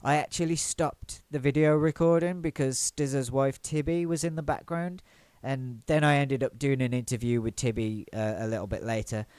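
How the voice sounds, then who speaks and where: A man's voice: medium pitch, fairly even intonation, normal speed, a little mellow, smooth, no room sound. A man hosting a podcast, steering the conversation and explaining the edits. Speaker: podcast host.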